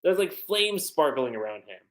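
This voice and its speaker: A man giving casual livestream commentary as a manga reviewer, chatty and animated. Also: on the high side, normal speed, reverberant. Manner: animated, chatty, frequent laughter and fillers.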